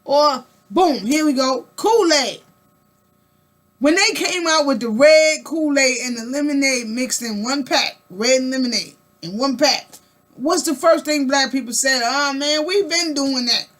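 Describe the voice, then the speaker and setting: A woman speaks in a high, unhurried voice, talking straight to her viewers in a casual monologue. She is emphatic and colloquial, repeating words for weight and asking the listener rhetorical questions. Her talk rambles with restarts as she builds her point. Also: animated. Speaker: vlogger.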